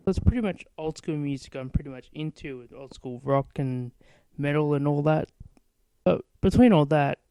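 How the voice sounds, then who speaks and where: Profane rambling podcast host, smooth voice. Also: male voice, fairly high pitch, dark tone, no room sound, poor audio. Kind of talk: casual monologue.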